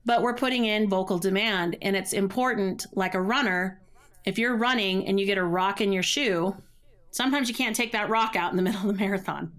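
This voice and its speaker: A woman's voice: medium pitch, a little fast, fairly bright tone. A middle-aged woman, a vocal coach, explaining voice care in a podcast interview. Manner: explanatory, uses running metaphors.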